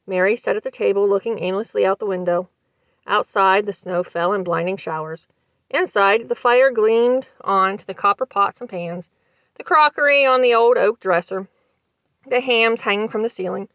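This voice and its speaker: A woman narrating a short story aloud for a library series, with a measured, expressive reading style. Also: mid-range voice, no room sound.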